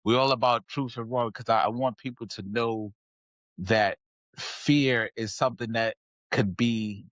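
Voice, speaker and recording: A man's voice: mid-range voice, steady tone, measured pace, fairly bright tone, no echo, dull audio. A man hosting a podcast, pumping up the audience and talking straight to the listeners in a hyped style. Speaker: podcast host. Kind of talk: energetic podcast intro and chat.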